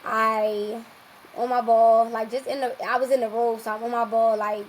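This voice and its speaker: A young woman, a podcast guest, telling a long personal story in a lively, casual way and acting out what people said. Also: a little high, normal speed, a little hiss or hum, poor audio. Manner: lively, acts out quoted dialogue.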